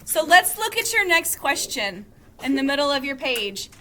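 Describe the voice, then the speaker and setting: A woman teacher reading a novel aloud to her class with steady storytelling and chatty asides to the students. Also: high-pitched, moderate pace.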